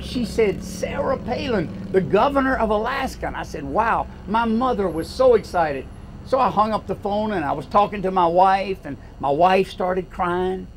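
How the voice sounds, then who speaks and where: Older man, Southern accent, high voice, folksy rousing campaign speech, faint noise. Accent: Southern American. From Louisiana. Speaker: political speaker.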